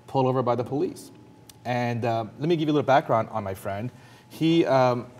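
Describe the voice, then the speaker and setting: A man commentator telling a personal story in a panel talk, earnest and emphatic, his intensity rising quickly. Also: mid-range voice, darkish tone, a little hiss or hum.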